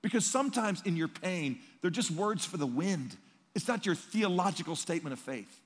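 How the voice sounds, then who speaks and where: A male pastor preaching a sermon in a conversational, emphatic way, swinging between loud and hushed. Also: high voice, expressive, normal speed. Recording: long reverb in a large hall.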